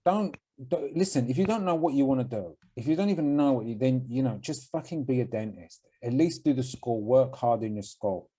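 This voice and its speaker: A young man with a mellow, dark voice co-hosting a podcast. He talks in a laid-back, casual way and hands out blunt advice with the odd swear word. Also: medium pitch, lively intonation, a little fast, few pauses, slightly rough, rough recording. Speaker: podcast co-host. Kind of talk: casual chat.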